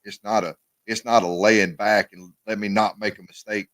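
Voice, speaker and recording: A man co-hosting a casual sports talk show, animated and often repeating his words. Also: fairly low pitch, normal speed, no room sound.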